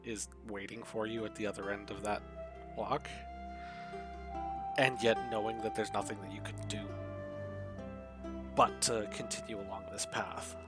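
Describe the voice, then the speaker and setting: A man's voice: fairly low pitch, little pitch movement, normal speed, long pauses. A man speaking as a player in a tabletop game, earnest and reflective, with music behind. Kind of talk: casual chat in a tabletop game.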